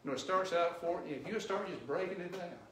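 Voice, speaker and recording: Guy preaching in a church, kinda high voice, keeps quizzing the crowd, echoey mic from far off. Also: brisk, slight background noise. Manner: quizzes the congregation with questions; grows loud and emphatic at peaks. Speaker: missionary preacher. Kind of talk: sermon. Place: church sanctuary. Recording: roomy church echo, distant mic.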